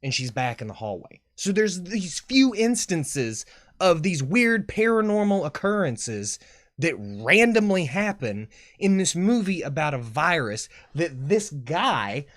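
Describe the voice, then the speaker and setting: A man hosting a live chat, recapping a horror movie in a sarcastic, exasperated way that is full of swearing. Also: fairly high pitch. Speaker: horror movie reviewer and host.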